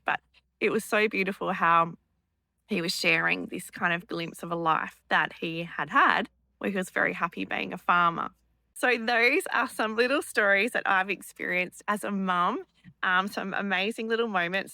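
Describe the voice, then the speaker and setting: Bright, gentle-voiced woman telling stories. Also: mid-range voice, dry recording. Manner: gentle, earnest, with many fillers. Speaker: spiritual vlogger and mother. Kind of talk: casual storytelling to camera.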